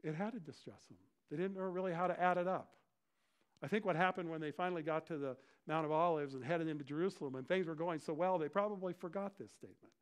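A middle-aged male pastor preaching a sermon in an animated way, often acting out the voices of crowds and disciples. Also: on the high side, quick pace.

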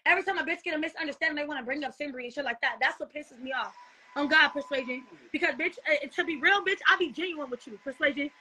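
A woman's voice: sits high, sharp tone. A young woman ranting on a livestream, profane and defensive, repeating herself. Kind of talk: heated livestream rant.

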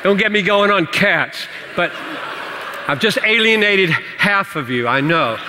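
A man preaching and answering questions in a church teaching session, animated and playful, laughing at his own jokes. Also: sits high, a little slow, noisy background. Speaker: pastor. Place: church hall. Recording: church hall reverb.

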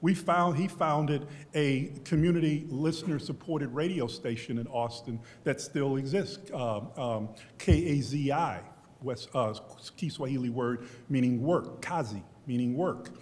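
A man's voice: medium pitch, a little slow, darkish tone. A man in his sixties from Texas, telling personal stories on a history panel in a reflective, conversational way, often restarting his sentences. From Beaumont, Texas, US. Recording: long hall reverb.

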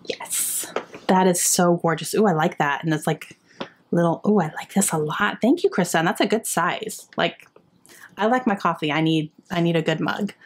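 A young adult woman in casual, excited chat as she unwraps gifts for her book vlog. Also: on the low side, moderate pace, slight background noise. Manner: excited and chatty, gasping and laughing often. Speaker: book vlogger.

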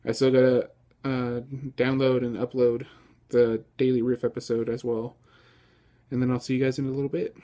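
A man's voice: mid-range voice, normal speed. Laid-back man vlogging casually. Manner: easygoing, rambling with many ums and uhs; excitable, gushing. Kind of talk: casual vlog chat.

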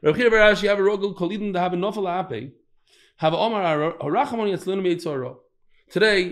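Man, Talmud teacher, lively storyteller, slightly high voice, acts out quotes. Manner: lively storytelling, acting out quotes, mixing Hebrew and Yiddish terms. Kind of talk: daily Talmud class.

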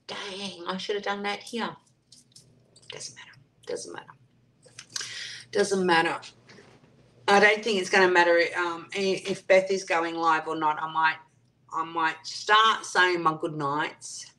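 A woman's voice: mid-range voice, bright, forceful tone. A woman hosting a live stream, chatting casually and reading out viewer comments and answering them. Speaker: livestream host.

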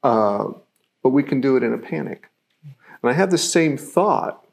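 A man's voice: mid-range voice, lively intonation, a little slow, creaky, darkish tone. A man giving a live-streamed self-mastery teaching talk, reflective and explaining through everyday examples, with many fillers.

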